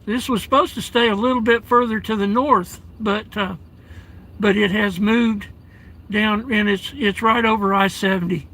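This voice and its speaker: A man live streaming from his vehicle in a snowstorm, reading chat aloud and calling viewers darling and brother, with halting restarts. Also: high voice, steady tone, bright, forceful tone, low-quality recording. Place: inside a parked vehicle at home during a blizzard.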